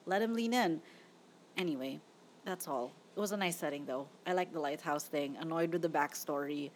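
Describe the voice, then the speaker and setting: A woman's voice: deep voice, normal speed, slight background noise. A young woman hosting a casual movie-review podcast, chatty and opinionated. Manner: chatty, opinionated, laughs often. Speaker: podcast host.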